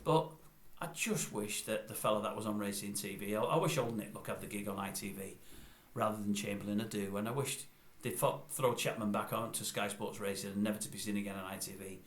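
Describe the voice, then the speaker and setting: A man's voice: on the low side, fairly even intonation, fairly quick, echoey room. An older man who vlogs a blunt, grumbling, repetitive ranting review. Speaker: vlogger.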